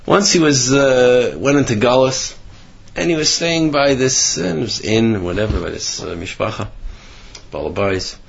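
Man, Torah sermon, animated storytelling, husky voice, dull lo-fi sound. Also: normal speed. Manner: animated storytelling, rising in pitch for emphasis. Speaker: religious teacher.

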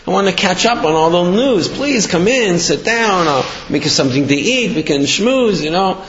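A man's voice: a little high, very animated, moderate pace, a bit bright, slight background noise. A man voicing a homesick emigrant man who eagerly insists his visitor stay, in a dull, echoey recording.

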